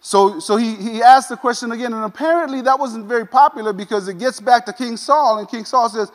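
A man preaching a sermon, retelling a scripture story in a casual, animated way with modern asides. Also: extremely high pitch, brisk, in a large hall. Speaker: pastor.

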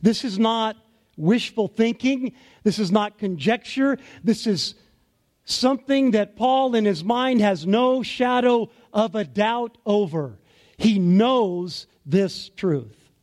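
A man preaching a sermon as pastor, in a slow, deliberate and emphatic way. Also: high-pitched, animated, a little mellow.

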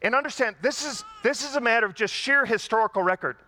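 A man's voice: very high voice, fast talker, sharp tone. A man preaching a sermon to a congregation, in a conversational style with rhetorical questions and emphatic repetition. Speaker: pastor.

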